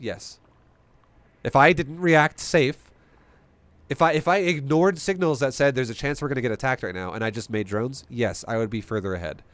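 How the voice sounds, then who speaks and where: Male game streamer, swears constantly, rapid rhetorical questions, middle pitch. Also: no echo. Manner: animated, profane, rhetorical questions. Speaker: streamer coaching a strategy game. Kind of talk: live-stream commentary.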